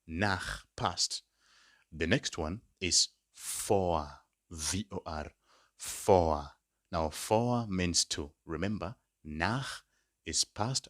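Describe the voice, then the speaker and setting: A very deep-voiced man teaching a language lesson at an unhurried pace. His tone is bright and clear, and the recording is dry and close. He patiently repeats each word for his learners. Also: no room sound. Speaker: language tutor. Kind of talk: spoken lesson.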